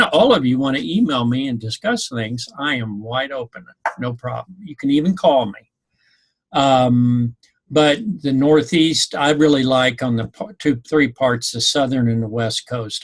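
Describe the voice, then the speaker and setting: A man giving a rambling, conversational class talk to his students. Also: medium pitch. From Missouri, USA. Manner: rambling, conversational, with many ums. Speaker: instructor. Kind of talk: informal recorded class talk.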